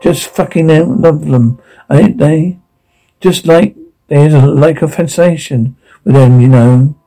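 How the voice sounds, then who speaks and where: A taunting, obsessive security guard who gloats over his captive, his gravelly, husky voice sitting a little high, as a man acts him out. He mocks in a dark audio drama and snaps into bursts of rage. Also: slow, faint music behind, low-quality recording. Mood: leering. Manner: taunting, mocking, veers into rage. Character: menacing obsessive male security guard captor.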